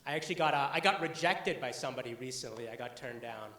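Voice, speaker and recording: On stage at a comedy club, a young Boston-area comic from the USA does stand-up in front of a crowd, chatting along with lots of "uh"s. He speaks fast in a mid-range voice that is pushed and bright, and the sound is reverberant.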